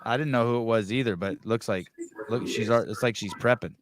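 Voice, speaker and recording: A man's voice: mid-range voice, a little fast. A man hosting a podcast, talking bluntly and joking with his guest, swearing casually. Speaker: podcast host. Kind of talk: casual interview talk.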